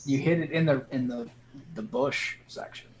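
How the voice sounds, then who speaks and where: A man running a homebrew tabletop game as game master, describing the action in a relaxed way with lots of fillers. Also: medium pitch, a crowd in the background, low-quality recording. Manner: relaxed, halting with many fillers.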